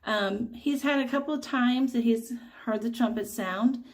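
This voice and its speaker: A middle-aged woman, telling a religious testimony as a mother in an earnest, halting way with many fillers. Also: fairly high pitch.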